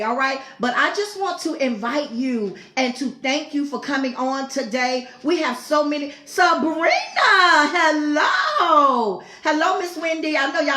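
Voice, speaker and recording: A woman's voice: high voice, reverberant. A middle-aged woman, hosting a women's fellowship livestream and repeatedly welcoming viewers in by name. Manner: warm, effusive, repetitive greetings to viewers. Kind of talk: casual live-stream welcome.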